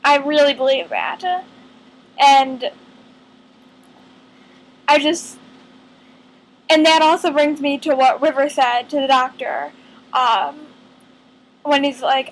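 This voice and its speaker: A woman vlogging in casual fan chat to camera, earnest and rambling, thinking aloud with lots of pauses. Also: sits high, fairly even intonation, rough recording.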